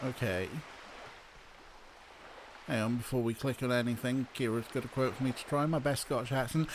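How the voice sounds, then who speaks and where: A man's voice: medium pitch, normal speed, long pauses, slight background noise. A man chatting casually as he streams a game, swearing and laughing at his own jokes. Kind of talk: casual let's-play commentary.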